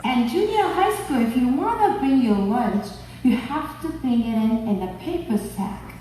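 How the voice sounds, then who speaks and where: A woman in her fifties from Japan, speaking English with a Japanese accent, telling a personal story at a conference in a slow, heartfelt, expressive way. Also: a little high, background noise. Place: conference hall. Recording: echoey hall, mic at a distance.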